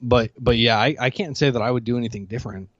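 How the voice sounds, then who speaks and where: Man, podcast co-host, halting casual talk, dull lo-fi sound, dry. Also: medium pitch, no room sound. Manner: loud, halting, repeats words. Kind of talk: casual film review chat.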